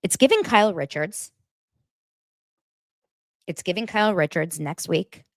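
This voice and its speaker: A woman's voice: lowish voice, animated, measured pace, dry recording, clean studio sound. A woman hosting a podcast, recapping reality TV in a sarcastic, exasperated way. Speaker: podcast host.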